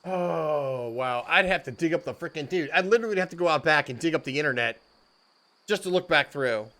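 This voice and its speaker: Quick and expressive, this livestream host talks in a bright, forceful, slightly high voice. He chats casually and jokily with viewers, laughing often and saying "dude" and "frickin'".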